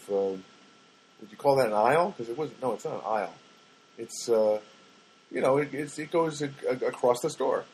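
An older man hosts a casual solo podcast in a husky, lowish voice with a darkish tone. He rambles through everyday anecdotes, frequently correcting himself and dropping wry asides.

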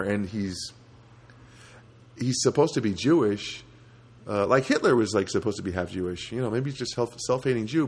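A man delivering a rambling comedic podcast monologue through a software voice filter, often breaking off and restarting his sentences. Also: husky. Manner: rambling, self-interrupting, lively swings in pitch. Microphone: home recording setup.

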